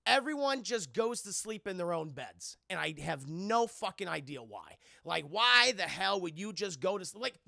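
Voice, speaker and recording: A man streaming a casual, profane film recap, rambling and acting out scenes in quick voices. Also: high voice, gravelly, bright, forceful tone, dry recording, clean studio sound.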